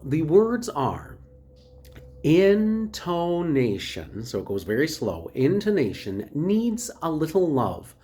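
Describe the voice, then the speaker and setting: Lively-voiced woman voice teacher. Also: sits low. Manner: explanatory, instructive. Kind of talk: recorded voice lesson.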